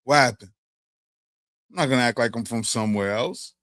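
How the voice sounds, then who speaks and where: Speaking a little fast in a mid-range voice, this man from Brooklyn, New York, tells animated stories full of streetwise slang while hosting a laid-back discussion. The recording is studio quality, without echo.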